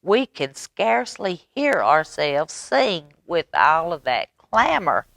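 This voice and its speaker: A woman doing friendly storybook songbirds, low plain voice, slow and dry. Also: sing-song, creaky, fairly bright tone, no room sound, full character voice. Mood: helpful. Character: helpful pair of small songbirds.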